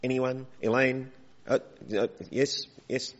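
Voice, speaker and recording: A man's voice: mid-range voice, little pitch movement, takes it slowly. Male preacher in a reverberant church. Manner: conversational, asks the congregation questions. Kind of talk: interactive sermon. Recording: dull recording with long hall reverb.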